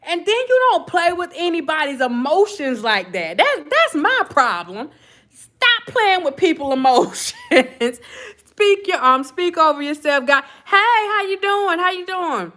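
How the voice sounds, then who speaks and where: A woman's voice: high voice, big pitch swings, unhurried, a bit bright. A woman, telling a gossip story in casual chat and laughing often. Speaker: vlogger.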